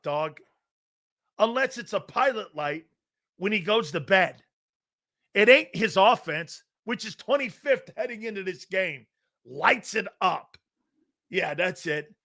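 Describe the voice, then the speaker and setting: Man, sports talk host, live show rant, blunt, profane, mocking, high voice, bright tone. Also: animated, unhurried.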